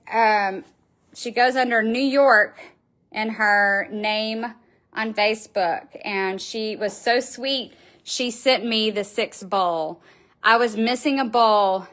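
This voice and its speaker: A woman's voice: a little high, pushed and bright. A middle-aged woman, hosting a casual live stream from her wreath shop, gushing and chatty as she answers viewers.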